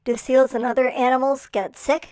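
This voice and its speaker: A woman reading a children's picture-book quiz about seals, explaining slowly and clearly with playful questions. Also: high voice, steady tone, darkish tone, no echo.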